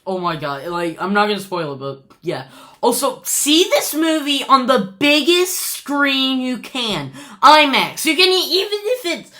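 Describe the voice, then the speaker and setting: A woman's voice: medium pitch, bright, forceful tone. A woman giving an unscripted movie review in a casual vlog, gushing and rambling with lots of fillers and restarts.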